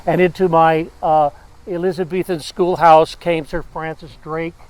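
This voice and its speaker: A man sharing earnest, halting memories of a friend at a memorial. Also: on the high side, little pitch movement, rough recording. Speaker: memorial speaker. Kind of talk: personal eulogy.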